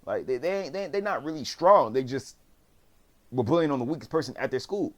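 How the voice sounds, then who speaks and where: A man with a mid-range, expressive voice recaps a TV series at a brisk pace. He rambles casually in slang and acts out the characters' lines as he goes.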